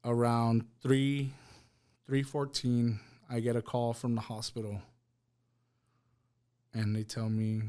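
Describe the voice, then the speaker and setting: A man recounts what happened to him as a guest in a podcast studio, his emotional testimony halting and full of repeated words. His mid-range voice is smooth and dark, with little pitch movement, and he quotes others plainly.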